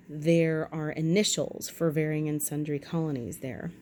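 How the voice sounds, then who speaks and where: Low-voiced woman reading with wry asides. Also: sing-song, measured pace, mellow. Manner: chatty asides, wry and self-correcting. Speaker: vlog host. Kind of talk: reading aloud with casual commentary.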